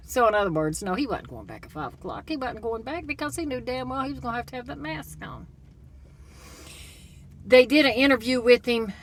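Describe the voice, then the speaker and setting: A woman's voice: mid-range voice, lively intonation, normal speed, fairly bright tone, slightly rough. Blunt, opinionated woman retelling a story. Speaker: commentator. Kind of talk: casual opinion monologue.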